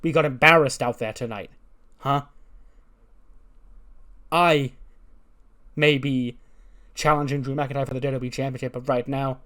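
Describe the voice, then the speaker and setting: A man's voice: mid-range voice, fairly even intonation, lightly acted. A man voicing a fired-up male wrestler rallying his teammates. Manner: loud, rallying, fast.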